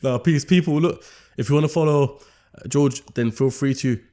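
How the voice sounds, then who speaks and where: Man, podcast host, laid-back, slangy, middle pitch. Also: moderate pace, dark tone. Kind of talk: casual interview chat and sign-off.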